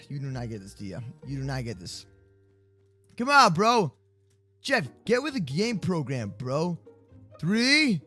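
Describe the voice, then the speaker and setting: A young man goofing around in a Minecraft role-play from his bedroom, joking and yelling as he plays. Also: on the high side, very animated, a little slow, pauses often, no echo, soft background music. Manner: hyper, jokey, often yelling. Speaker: gaming YouTuber. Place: home bedroom.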